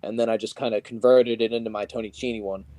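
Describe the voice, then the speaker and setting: A man's voice: lowish voice, fairly even intonation, fast, warm tone, no room sound, poor audio. A young man, a professional wrestler guesting on a podcast, telling stories in a casual, rambling way full of fillers. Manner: rambling, filler-heavy storytelling. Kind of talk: casual storytelling interview.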